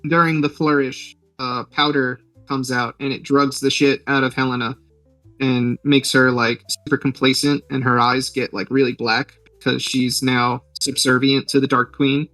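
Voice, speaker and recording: A man's voice: medium pitch, little pitch movement, moderate pace, sharp tone, dry recording, recorded from a distance, soft background music, rough recording. A man hosting a podcast, retelling a film's plot in a rambling, joking way with lots of fillers. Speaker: podcast host. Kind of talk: casual movie recap.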